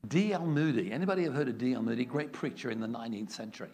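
A man's voice: mid-range voice, rapid-fire, darkish tone, husky. An older man running a preaching workshop, blunt and jokey, acting out different tones of voice as he teaches. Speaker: preaching trainer.

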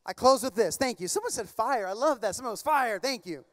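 A man's voice: very high-pitched, brisk. A man preaching a sermon as a pastor, moving between fervent, emphatic exhortation and rambling, casual storytelling. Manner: impassioned, emphatic preaching with loud bursts; relaxed rambling storytelling with fillers. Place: large church.

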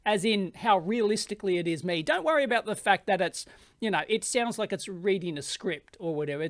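A man's voice: sits high, no room sound, clean studio sound. Blunt, chatty Australian man. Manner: chatty and blunt, laughs often. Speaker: electronics video host. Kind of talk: casual commentary.

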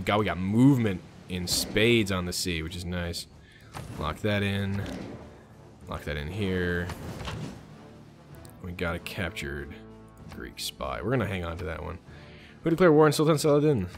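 A man's voice: low voice, animated, measured pace, long pauses, music in the background. A man hosting a let's play, chatting casually and muttering orders to his game units. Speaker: gaming channel host.

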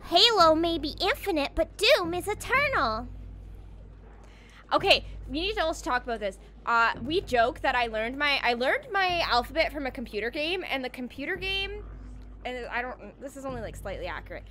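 A woman's voice: high-pitched, big pitch swings, brisk, sharp tone, slight background noise. A woman streamer chatting casually with her live chat while playing a horror game. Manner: chatty, bubbly, talks to chat.

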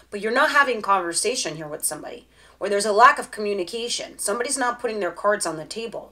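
A woman's voice: medium pitch, a bit bright. A woman giving a casual tarot reading straight to the viewer, chatty and direct. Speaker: tarot reader.

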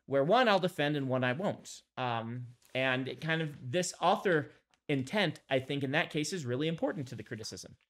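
A man co-hosting a podcast, talking in a thoughtful, casual way with frequent pauses. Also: medium pitch, expressive. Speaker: podcast co-host, author. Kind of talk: casual conversation.

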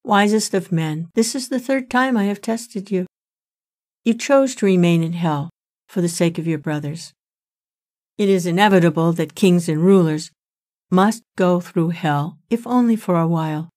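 A woman voicing a calm fatherly god. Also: lowish voice, moderate pace, no echo, clean studio sound, natural voice. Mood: reassuring. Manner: calm and reassuring. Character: god of justice, calm fatherly male deity.

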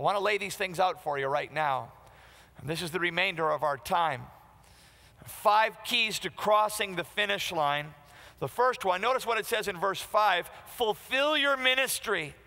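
Male pastor, middle-aged, punchy conversational sermon; bright, tense tone; long hall reverb. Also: high-pitched, vocal fry. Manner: emphatic, conversational preaching with direct questions to the congregation.

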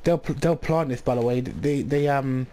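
A man casually commenting on his own gameplay, rambling and excitable, often restarting sentences. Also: medium pitch, normal speed. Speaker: gaming channel host.

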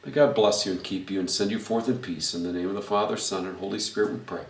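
A middle-aged male pastor leading a Bible study and closing in prayer, speaking in a gentle, reassuring way. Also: on the low side, fairly even intonation, quick pace. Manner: gentle reassuring preaching, quotes God softly. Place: church. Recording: echoey room, voice from far off mic.

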